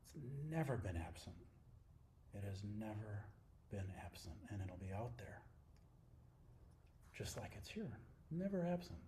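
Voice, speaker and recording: A man's voice: a little slow, pauses often, a little hiss or hum. Playful middle-aged man giving a dharma talk. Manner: intimate and playful, drops to near-whispers then bursts into excited high exclamations. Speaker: Zen teacher.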